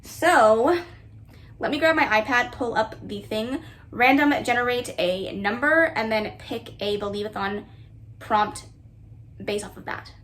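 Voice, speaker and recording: A woman's voice: fairly high pitch, unhurried, a bit bright. A young woman chatting casually and giggling as she narrates her own vlog at home. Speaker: booktuber. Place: bedroom with bookshelves, indoors.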